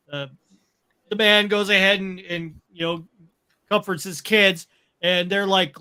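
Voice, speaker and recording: A man narrating a tabletop science-fiction game as game master, halting with many fillers and restarts. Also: fairly high pitch, pushed and bright, smooth.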